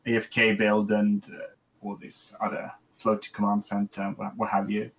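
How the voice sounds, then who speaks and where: Man, middle-aged, lowish voice, relaxed, hesitant, voice call. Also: normal speed. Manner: relaxed, hesitant, many fillers. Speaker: student taking a coaching session. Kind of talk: casual chat on a voice call.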